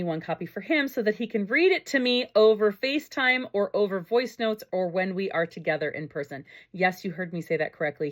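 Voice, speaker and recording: A woman's voice: on the low side, fairly bright tone. A woman, from Minnesota, talking to camera in a chatty, effusive vlog style with frequent laughs. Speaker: parent vlogger. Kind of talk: casual storytelling to camera.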